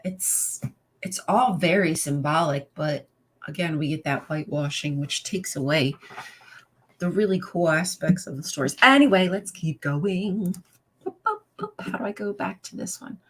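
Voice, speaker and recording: A woman with a husky, slightly low voice streams from home, reading a children's Bible storybook to her chat. She keeps breaking away into sassy, profane commentary before picking the story back up. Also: measured pace. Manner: sassy, profane asides, laughs at her own jokes. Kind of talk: casual reading with rant commentary to live chat.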